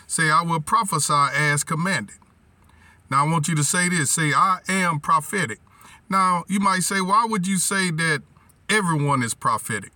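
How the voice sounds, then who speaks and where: A man's voice: on the high side, pushed and bright, no room sound, far from the mic. A man preaching a weekly teaching sermon, quoting scripture, repeating lines for the congregation to say back, and stumbling over words as he searches for verses. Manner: repetitive, call-and-response, scripture quoting; restarts and stumbles while thinking. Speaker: pastor.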